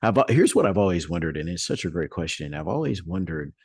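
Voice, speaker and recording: A man's voice: low voice, big pitch swings, fast talker, darkish tone, breathy edge, dry recording, studio quality. A man from Texas, a guest in an interview, speaking emphatically and repeating his key points. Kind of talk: casual interview.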